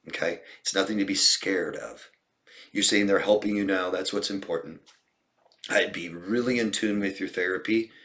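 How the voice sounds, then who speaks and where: Male coach, very low voice, earnest and direct, answering viewer questions. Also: a bit bright. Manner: earnest, direct, many restarts. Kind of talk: Q&A advice talk.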